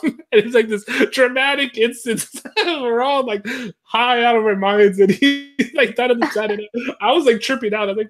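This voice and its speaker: A man's voice: sits high, brisk, fairly bright tone. A young man in casual conversation, talking loosely with lots of fillers and frequent laughter. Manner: rambling, filler-heavy, laughs often. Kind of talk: casual chat.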